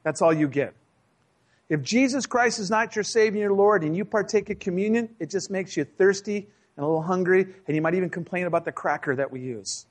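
A man's voice: high-pitched, fairly quick. A man, a pastor, preaching a sermon in a church, in a conversational, joking way with acted asides. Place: church sanctuary.

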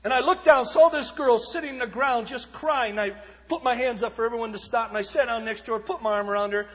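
A man preaching in a storytelling sermon style, swinging between shouted peaks and hushed passages. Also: extremely high pitch, quick pace, big-room sound. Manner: dramatic, shifting from shouts to hushed tones. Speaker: evangelist speaker.

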